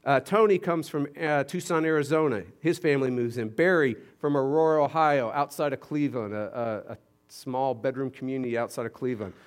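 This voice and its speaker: A middle-aged man from Houston, Texas, telling a story in a sermon as senior pastor, animated and shifting between loud emphasis and quiet asides. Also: mid-range voice, fairly quick.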